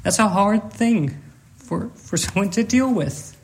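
Male pastor, earnest sermon delivery, high-pitched voice, halting with repeated words, emotional and close to tears. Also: lively intonation.

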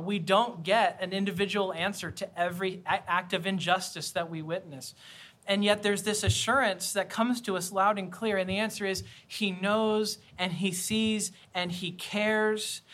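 A man's voice: high-pitched, sharp tone. A man preaching a sermon in an earnest, conversational way, often repeating and restarting phrases. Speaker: pastor.

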